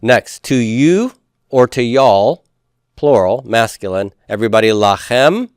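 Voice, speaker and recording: A man teaches a class at an unhurried pace. His voice is smooth and clear, and the sound is dry, with no room echo. He patiently leads the students through call-and-response practice. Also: medium pitch, animated. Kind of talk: classroom lecture.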